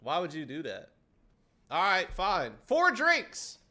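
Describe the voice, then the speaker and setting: Brash, high, lively young streamer man. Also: slow. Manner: brash trash-talking, swears, teases chat. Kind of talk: live-stream gameplay commentary.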